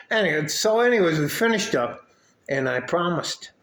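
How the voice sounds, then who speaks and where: A man's voice: fairly high pitch, animated, takes it slowly, fairly bright tone. Older guy coaching young men, rambly and swears a lot, kinda fatherly, roomy echo. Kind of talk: casual vlog talk to camera.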